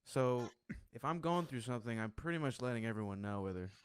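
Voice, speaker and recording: A man's voice: medium pitch, expressive, fairly quick, clear, resonant tone, dry recording. A man speaking as a podcast guest, frank and open, often laughing between phrases. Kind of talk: candid conversational talk.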